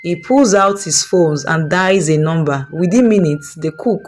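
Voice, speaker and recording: A woman tells a scripted folktale-style story. Her voice is fairly low, and she paces the narration dramatically and expressively. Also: animated, measured pace, darkish tone, slight background noise.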